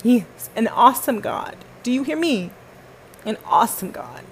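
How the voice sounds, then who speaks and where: This podcast host's voice sits on the high side with big pitch swings as she speaks at normal speed, giving emphatic, fervent testimony full of repeated phrases and alternating between her audience and God. The poor audio carries a little hiss or hum.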